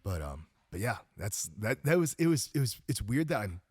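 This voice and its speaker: A man's voice: on the low side, big pitch swings, normal speed, darkish tone, breathy edge, no room sound, studio quality. A man speaking as a podcast guest in casual conversation, earnest and open, often restarting his sentences. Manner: earnest, frequent restarts and fillers. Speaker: podcast guest, jiujitsu instructor.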